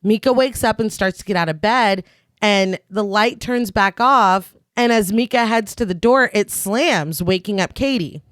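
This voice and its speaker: A woman's voice: medium pitch, unhurried, a bit bright, no room sound. Sarcastic woman recapping a plot. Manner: dry, sarcastic asides between plot beats, laughs often. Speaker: podcast co-host recapping the film. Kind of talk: casual chat, narrating a plot recap.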